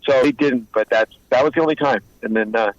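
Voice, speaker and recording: A man's voice: mid-range voice, fairly quick, no room sound. Blunt streetwise man, dull dry audio. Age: 50s. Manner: streetwise, blunt, acts out both sides of quoted talk. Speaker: guest, former mobster turned informant and author. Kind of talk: casual interview storytelling.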